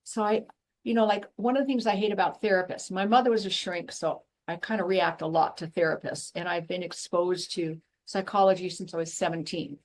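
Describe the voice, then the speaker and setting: A woman guest, once a professor, speaking in a blunt, emphatic and animated way in a passionate interview conversation. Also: fairly low pitch, a little fast. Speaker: guest, former professor and intuitive.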